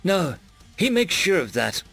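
A wry old male keeper of humanity, mild and unbothered, with a gravelly grain, as a male narrator puts him on. His voice sits a little high and moves around lively. He sounds like a character in a read-aloud story. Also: measured pace, faint music behind, full character voice. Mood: amused. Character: ancient male housekeeper of humanity, amused.

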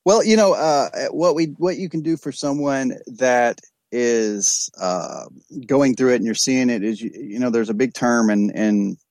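With a mid-range, slightly mellow voice, an East Texas addiction counselor speaks a little slowly in a candid podcast conversation. He is earnest and reflective, often restarting and repeating words. There is no echo.

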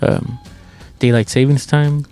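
Blunt cursing co-host. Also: male voice, mid-range voice, flat delivery, takes it slowly, dark tone, soft background music. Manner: blunt, profane reactions. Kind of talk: casual chat.

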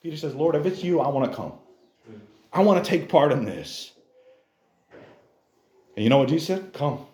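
A man preaching a casual, animated sermon in church, acting out characters in exaggerated voices and using youthful slang. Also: a little high, normal speed, long pauses, reverberant. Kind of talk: lively sermon.

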